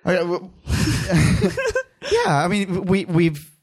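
A man's voice: sits high, huge pitch swings, extremely slow, breathy edge. A man co-hosting a podcast in casual chat, laughing often and restarting his sentences. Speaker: podcast co-host.

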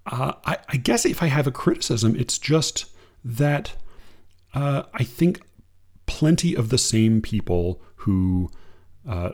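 A man commenting on poetry, reading quotes aloud in a measured, hesitant way. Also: mid-range voice. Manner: measured, hesitant, restarts often.

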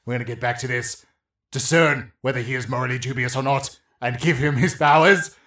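A man's voice: medium pitch, fairly even intonation, brisk, pushed and bright, echoey room. A man hosting a talk show sketch with playful improv banter. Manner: playful, crude, laughing.

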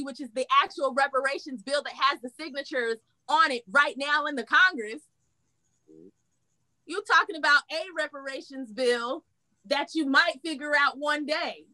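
A high, bright-toned woman, talking politics in a blunt, cussing rant. She heats up fast and then talks herself back down. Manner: blunt, heated, profane, rants then reins herself in. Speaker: reaction show host. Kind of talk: casual political commentary.

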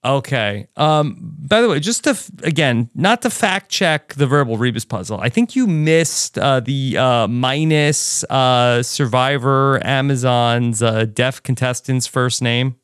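A man hosting a podcast, chatting casually in quick bursts with fillers. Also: medium pitch, fairly bright tone, smooth, dry recording, clean studio sound. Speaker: podcast host.

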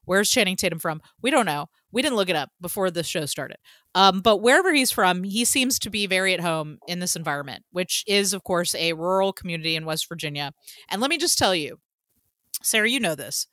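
Bright-voiced woman, casual podcast chat. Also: on the low side, lively intonation, brisk, dry recording. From Georgia, US. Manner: chatty, swears freely, many fillers. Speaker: podcast co-host.

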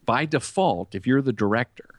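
A man's voice: medium pitch, lively intonation, normal speed, no echo, clean studio sound. A middle-aged man, a commercial director and comedian, telling anecdotes in an interview and acting out quoted lines. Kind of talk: storytelling interview talk.

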